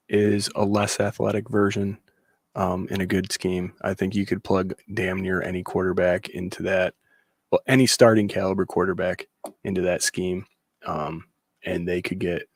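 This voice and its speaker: A man's voice: sits low, no echo, clean studio sound. A man co-hosting a casual sports panel podcast, giving blunt opinions and reading out viewer comments. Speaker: podcast co-host.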